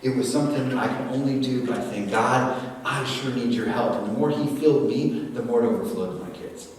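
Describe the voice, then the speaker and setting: An older man giving a lively church workshop talk, acting out dialogue between a parent and child. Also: mid-range voice, a little fast. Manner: animated, acts out parent dialogue. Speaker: speaker. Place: church hall. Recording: echoey hall from far off, faint noise.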